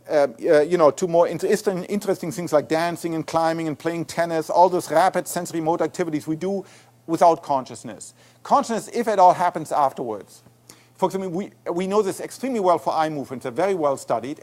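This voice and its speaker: A man with a German accent delivers an academic lecture in a lecture hall. His voice sits high for a man, and he explains eagerly, often backing up to repeat a word before pressing on. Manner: animated, explanatory, frequent restarts and repeated words. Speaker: guest lecturer, neuroscientist.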